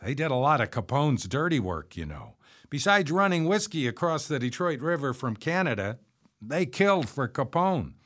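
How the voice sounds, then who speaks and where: A man voicing a chatty bearded male neighbor who talks on and on, in a raised, lively voice. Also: mid-range voice, normal speed, voice pushed up. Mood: rambling. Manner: excited rambling talker. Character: chatty bearded middle-aged male neighbor, eager tour guide.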